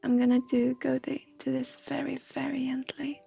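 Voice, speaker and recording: A high-pitched woman gives a livestream psychic reading in a soft, half-whispered way. Her voice has a husky, gravelly grain, and she talks slowly, with faint music under her. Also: little pitch movement, lo-fi sound. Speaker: intuitive reader.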